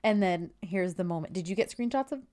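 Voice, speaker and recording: A woman's voice: on the low side, animated, a little fast, dark tone. A woman chatting casually as a co-host, animatedly retelling TV scenes and acting out the characters' lines. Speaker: co-host recapping a TV series.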